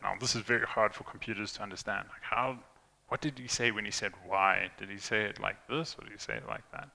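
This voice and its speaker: A man's voice: on the low side, fairly quick, creaky, bright, forceful tone. A young man giving an informal tech talk to an audience, chatty, with many fillers and restarts, acting out quoted lines. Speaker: conference speaker. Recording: reverberant hall.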